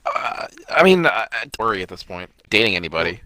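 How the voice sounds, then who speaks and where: Male podcast co-host, animated and bright, dry sound, teasing remarks. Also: on the low side, brisk, no room sound. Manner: teasing, short interjections. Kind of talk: casual chat.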